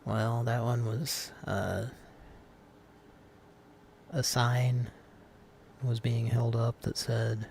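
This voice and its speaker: A man's voice: medium pitch, little pitch movement, very slow, gravelly, long pauses, darkish tone, a little hiss or hum. A man hosting a live call-in stream, chatting casually and rambling with fillers and restarts.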